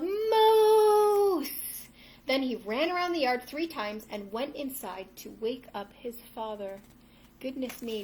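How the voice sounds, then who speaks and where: High-voiced woman teaching yoga to kids. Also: slight background noise. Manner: encouraging, addresses kids as friends, acts out the story's shouts. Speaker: children's yoga instructor. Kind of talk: reading a storybook aloud while leading kids' yoga. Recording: echoey room from some distance.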